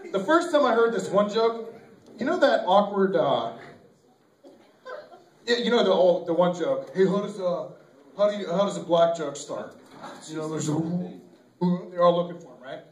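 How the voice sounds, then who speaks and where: A man's voice: high voice, animated, measured pace, long pauses. A young man doing an amateur stand-up set in a small club, rambling and correcting himself, with lots of fillers, taped from far off while the audience laughs. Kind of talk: stand-up routine at an open mic. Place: small comedy club or bar. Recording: echoey room taped from far off on a camcorder.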